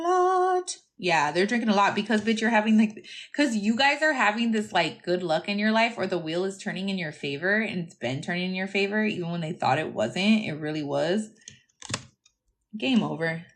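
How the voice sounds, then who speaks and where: A woman's voice: mid-range voice, brisk. Brash, profane young woman reading tarot. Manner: brash, profane and teasing, laughing often. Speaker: tarot reader. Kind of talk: casual tarot reading to camera.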